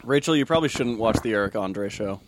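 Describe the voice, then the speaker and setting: Low-voiced man in rambling casual chat. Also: expressive, quick pace, noisy background. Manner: swears freely, rambling with restarts.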